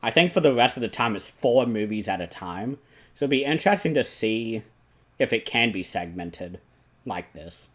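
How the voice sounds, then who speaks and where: A man's voice: fairly low pitch, moderate pace. A man hosting a casual film discussion, animatedly retelling scenes with frequent laughs and lots of "like". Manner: animated retelling, laughs often, many "like" fillers. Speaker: podcast host.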